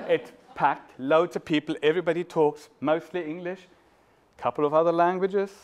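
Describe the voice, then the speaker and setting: A man in his fifties from Germany with a German accent, telling stories in a playful talk to an audience. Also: fairly high pitch. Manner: playful, warm storyteller, sings snippets. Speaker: speaker at a talk. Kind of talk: storytelling talk.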